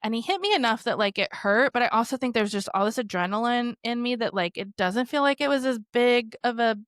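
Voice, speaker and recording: A woman's voice: fairly high pitch, expressive, a little fast, a bit bright, no room sound, clean studio sound. A woman podcast host telling her own story candidly, rambling with lots of "like" and swearing freely.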